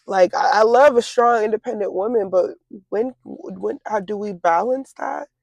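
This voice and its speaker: A young woman in her twenties, an interview guest speaking casually and reflectively, pausing often with fillers and restarts. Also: medium pitch, darkish tone, no room sound. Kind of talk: casual conversation.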